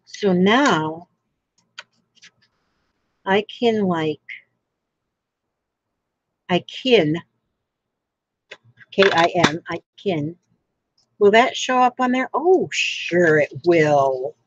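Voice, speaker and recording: A woman's voice: medium pitch, lively intonation, drawn-out words, pauses often, dry recording, highs cut off. A woman from Florida who chats casually while crafting on a livestream and reads out viewer comments. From Florida, United States.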